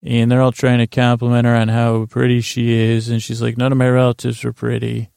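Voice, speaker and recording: Man, very gravelly voice, flat delivery, rambling casual recap, dry close sound. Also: mid-range voice, brisk, no room sound. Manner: meandering, full of fillers and restarts. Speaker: podcast host recapping a TV episode.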